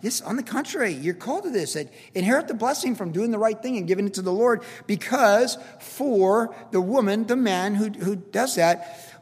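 A man preaching a conversational sermon as pastor, energetic and repetitive, talking straight to his congregation. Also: high-pitched, normal speed, few pauses, husky. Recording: long hall reverb.

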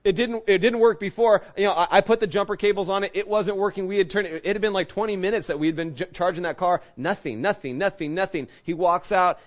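A man's voice: high voice, fast, hardly any pauses, highs cut off. A man preaching a sermon, telling a personal story in a chatty way and acting out the quotes. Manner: storytelling, conversational, acts out quotes. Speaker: pastor.

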